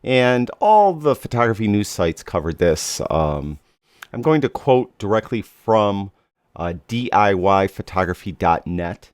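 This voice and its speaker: A man hosting his own podcast, talking in a relaxed, conversational way with fillers and self-corrections. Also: on the low side, unhurried, clear, resonant tone, no room sound, studio quality. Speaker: podcast host. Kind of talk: casual solo podcast talk.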